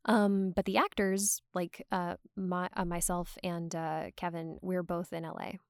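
This young adult woman from Georgia, USA, speaks low and unhurried with a flat delivery and a clear, resonant tone, no echo, and studio quality. She's a voice actor guest on a casual podcast, rambling chattily with plenty of "like" and frequent laughter.

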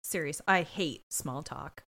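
A woman's voice: sits low, slow, gravelly, sharp tone. A woman co-hosting a casual podcast, bantering bluntly. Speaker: podcast co-host. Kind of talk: casual recap chat.

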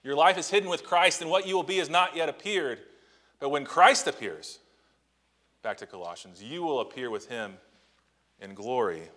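A man's voice: fairly high pitch, lively intonation, moderate pace, fairly bright tone, in a large hall. A male pastor delivering a Sunday morning sermon. His tone is conversational rather than formal, peppered with rhetorical questions. He drops his pace on the key lines to let them land. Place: church sanctuary.

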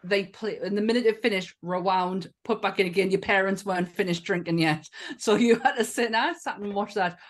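A woman in her thirties with a Northern English accent, co-hosting a casual podcast chat, enthusiastic and quick to laugh and swear. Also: mid-range voice. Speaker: podcast co-host.

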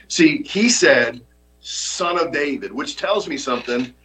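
A male pastor delivers an emphatic sermon in a bright, forward voice. He repeats his main points for weight and gives the scripture quotes sudden high, dramatic lifts. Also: animated, normal speed, faint music behind, low-quality recording. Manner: emphatic preaching, repeats key lines; reads scripture with dramatic pitch rises.

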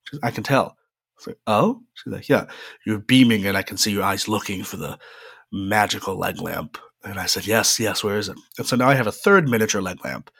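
A man's voice: on the low side, a little fast, creaky, fairly bright tone, breathy edge, no echo, studio quality. A young man hosting a podcast, telling rambling personal stories in a chatty way with lots of "uh" fillers. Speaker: podcast host. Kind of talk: casual solo storytelling.

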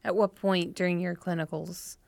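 A woman's voice: fairly low pitch, steady tone, vocal fry, darkish tone, no room sound. A young woman co-hosting a podcast, asking questions and agreeing emphatically. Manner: quick backchannels, emphatic agreement. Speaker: podcast co-host. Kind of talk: casual podcast chat.

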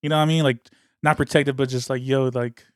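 A man's voice: mid-range voice, fairly even intonation, fast talker, clear, resonant tone, no room sound, clean studio sound. A young man co-hosting a podcast, talking in laid-back slang with frequent swearing and chuckles. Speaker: podcast co-host. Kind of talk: casual chat.

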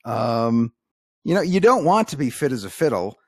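A man's voice: medium pitch, moderate pace, no room sound. Dry-voiced man telling corny jokes. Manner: deadpan joke delivery, coaxing laughs with "come on". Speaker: podcast co-host telling jokes. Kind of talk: casual podcast banter.

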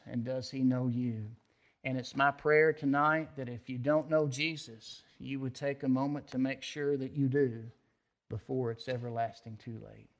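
A man preaching a sermon as pastor, telling stories with emphatic rises and drops and praying at the close. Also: medium pitch. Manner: emphatic storytelling preacher, acts out quoted voices. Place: church.

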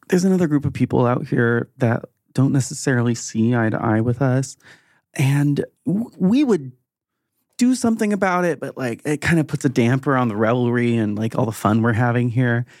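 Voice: medium pitch, a little mellow, dry recording, studio quality, close to an everyday voice. A game master playing a cheerful, easygoing male cult leader who talks in a laid-back, noncommittal way, often with little laughs.

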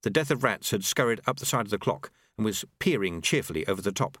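A man reading a novel aloud, voicing the characters' lines by shifting his pitch. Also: expressive, quick pace, fairly bright tone, no room sound, studio quality. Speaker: audiobook narrator. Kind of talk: novel narration with character voices.

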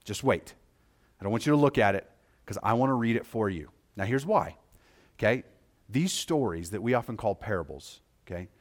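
A man preaching a sermon as pastor, talking conversationally and checking in with his listeners, moving between quiet, slow passages and louder, quicker ones. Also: lowish voice, expressive.

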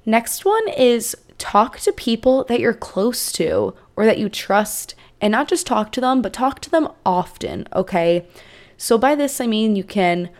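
A woman's voice: fairly high pitch, expressive, unhurried, a little mellow. A young woman hosting a podcast, giving casual advice in a chatty, conversational way with plenty of fillers and asides. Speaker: podcast host.

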